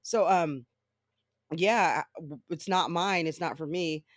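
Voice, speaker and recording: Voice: mid-range voice, takes it slowly, no echo, clean studio sound. A podcast host in a casual solo monologue, swearing freely and rambling through stories.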